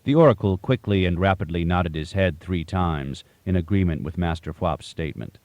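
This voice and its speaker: A man reads a first-person audiobook in a measured, storytelling way. His voice is very low. The recording is close and dry. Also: a little mellow, dry recording, muffled recording. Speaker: audiobook narrator.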